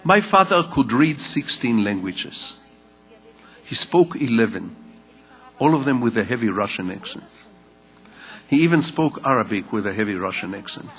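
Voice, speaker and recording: An older man who grew up speaking Hebrew gives a public lecture in English, telling personal stories in a measured, wry way with deliberate pauses. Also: medium pitch, sing-song, fairly bright tone, soft background music. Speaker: lecturing novelist. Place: conference hall. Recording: reverberant lecture hall.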